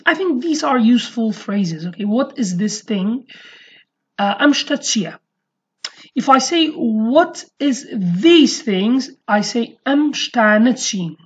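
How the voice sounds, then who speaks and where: Teaching an online language lesson in English, this woman is a native speaker from Slemani, Iraqi Kurdistan. Her voice is on the high side, with lively intonation and a breathy edge, and she explains haltingly, using lots of fillers and repeating her example phrases.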